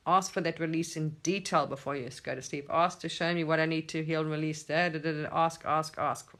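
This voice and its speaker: A spiritual teacher talking casually to camera at home, animated, swearing and laughing often. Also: medium pitch, fairly quick.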